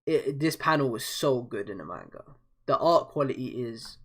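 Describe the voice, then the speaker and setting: A young man casually reading a manga aloud and reacting with excited slang. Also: mid-range voice, moderate pace. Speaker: manga reader.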